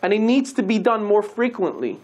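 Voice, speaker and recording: A rabbi giving a sermon, telling a story and acting out the dialogue with lively shifts in voice. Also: male voice, high-pitched, a little fast.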